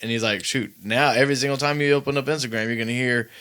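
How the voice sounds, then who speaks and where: A podcast host with a mid-pitched, bright voice. He tells stories animatedly and jumps into impressions of the people he quotes. His speech is loose and conversational. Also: fast, smooth. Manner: animated storyteller with lively impressions. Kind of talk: casual podcast chat.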